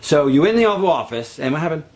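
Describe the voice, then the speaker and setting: A man's voice: on the high side, animated. A man directing an actor on set, coaching him in a pushy, profane, repetitive way. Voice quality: rapid, pushy, profane, repeats himself.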